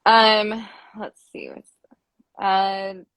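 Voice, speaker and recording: A woman's voice: medium pitch, level tone, very slow, gravelly, a bit bright, no echo. A woman hosting a history podcast interview, asking follow-up questions and laughing often. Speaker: podcast host. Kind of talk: casual interview chat.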